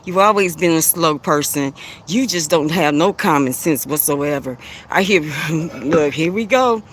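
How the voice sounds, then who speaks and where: A man's voice: fairly high pitch, a little slow, a bit bright, slight background noise. A man hosting a live stream with speech, bluntly taunting commenters, laughing often and repeating himself. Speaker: live stream host giving spiritual readings. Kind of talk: casual live-stream talk addressing commenters.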